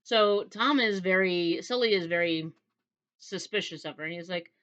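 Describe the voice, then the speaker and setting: This book reviewer is a woman with a lowish, fairly bright voice, heard on a lo-fi recording at a moderate pace. Her casual book review chat rambles, and she acts out the characters' dialogue.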